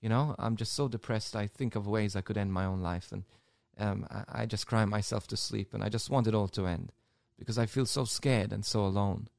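A priest telling his own story in an interview, emotional and halting, often repeating words. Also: lowish voice, steady tone, creaky, a little mellow, no room sound, studio quality. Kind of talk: personal testimony in an interview.

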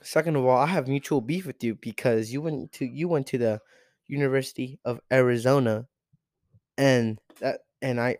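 A man's voice: medium pitch, darkish tone, clean tone, dry recording, studio quality. A teenage boy hosting a podcast, ranting in an exasperated, profane way with lots of repeated rhetorical questions. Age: teens. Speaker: podcast host. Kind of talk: solo sports rant.

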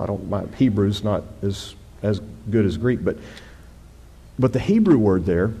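A pastor preaching a conversational sermon, reading scripture aloud with rising force. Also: male voice, mid-range voice, dark tone. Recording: long hall reverb.

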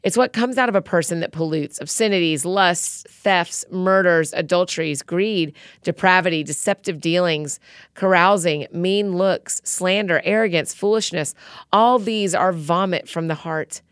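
A woman reading the words of Jesus as a blunt, commanding male teacher, in her own low voice. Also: a little slow, smooth, dry recording, clean studio sound, natural voice. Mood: stern.

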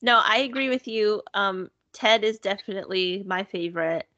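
A woman's voice: medium pitch, normal speed, pushed and bright, dry recording, lo-fi sound. A woman in casual conversation, chatty and upbeat, filling her talk with "like" and "you know". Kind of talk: casual chat.

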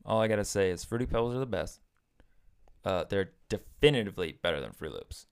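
A man's voice: on the low side, expressive, brisk, clear, resonant tone. A young man co-hosting a podcast, ranting about cereal in casual banter with mock-heated energy. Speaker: podcast co-host.

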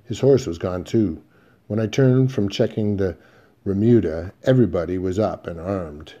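A man narrating a western audiobook in the first person, in a steady, measured storytelling manner. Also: deep voice, muffled recording.

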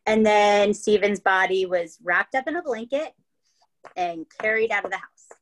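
There's slight background noise and the audio is poor as a woman with a mid-range voice talks at normal speed. Hosting her podcast, she chats through a true-crime story, cursing often and repeatedly asking "right?" and "okay?".

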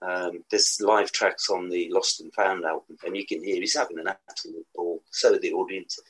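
A man's voice: low voice, steady tone, moderate pace, breathy edge, rough recording. A man in his sixties with a West Midlands accent, a musician guest telling rambling stories with laughs and restarts. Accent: West Midlands English. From England. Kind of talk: casual storytelling.

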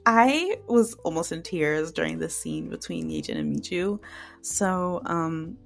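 A woman's voice: sits low, vocal fry. A woman hosting a podcast, recapping TV dramas in a chatty, emotional way full of fillers. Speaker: podcast host reviewing dramas. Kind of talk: casual solo recap.

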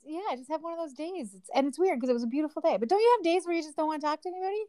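Rambling woman, fairly high voice. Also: racing, a crowd in the background. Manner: rambling storytelling, filler-heavy. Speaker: podcast co-host. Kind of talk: casual chat.

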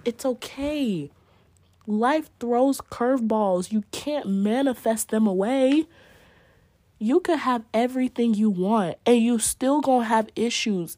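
A woman's voice: a little high, takes it slowly, dark tone, no echo. A woman hosting a casual solo podcast, speaking candidly and reflectively and cursing freely in a slang-heavy drawl. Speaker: podcast host.

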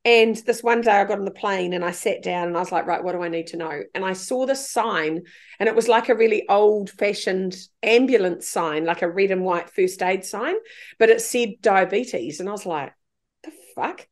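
A woman's voice: medium pitch, moderate pace. A middle-aged woman, a podcast guest telling stories in casual chat, swearing freely and acting out her own quoted lines.

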